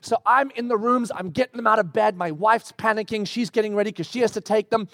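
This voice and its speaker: A middle-aged male pastor preaching, telling a personal story with lively, acted-out bits. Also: high voice, a little fast, no echo, clean studio sound. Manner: animated storytelling with acted-out quotes. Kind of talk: sermon. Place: church.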